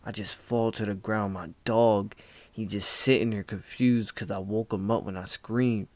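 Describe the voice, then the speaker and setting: Slow, low-voiced man telling a spooky story. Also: fairly even intonation, no echo. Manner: laid-back, hushed telling, peppered with "bro". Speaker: vlogger.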